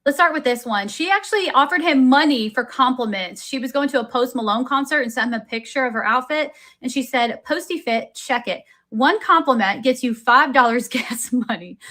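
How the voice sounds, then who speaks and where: Woman reading messages aloud, raised pitch. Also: normal speed, few pauses. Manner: reads quoted messages in an even storytelling voice, with chuckles. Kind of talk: casual commentary while reading texts aloud.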